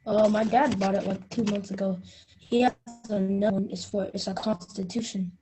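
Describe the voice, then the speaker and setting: A woman's voice: mid-range voice, steady tone, moderate pace, music in the background. A student on an online class call, eagerly chatting and sharing news with her teacher.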